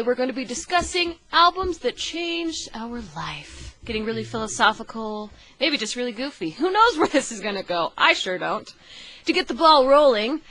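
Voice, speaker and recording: A woman's voice: high voice, sharp tone. A young woman hosting a casual podcast chat, playful and often laughing. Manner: giggly and playful. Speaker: podcast host.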